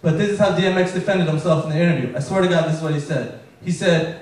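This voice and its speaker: Stand-up guy on a club stage, wry, high voice, super echoey and kinda far from the mic. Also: fast. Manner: wry joke-telling. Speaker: stand-up comedian. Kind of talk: stand-up comedy set.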